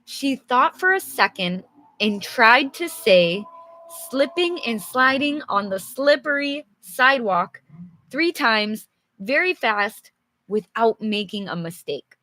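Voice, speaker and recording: A woman's voice: fairly high pitch, lively intonation, takes it slowly, sharp tone, dry recording. A young woman teaching English, reading a storybook aloud and chatting with viewers, laughing often. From English-speaking country. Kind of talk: live English reading lesson with chat.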